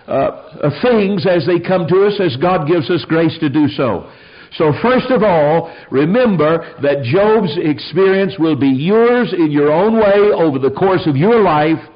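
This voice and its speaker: Preacher guy on old radio, kinda husky, bit high voice, folksy and punchy. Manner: folksy, emphatic, quick asides. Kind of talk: sermon. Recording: dull lo-fi radio broadcast.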